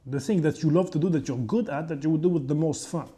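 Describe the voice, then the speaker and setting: French-accented young man, dark voice. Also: on the high side, fast. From France. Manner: rambling and profane, with frequent asides. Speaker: chef and fitness creator. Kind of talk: casual vlog monologue.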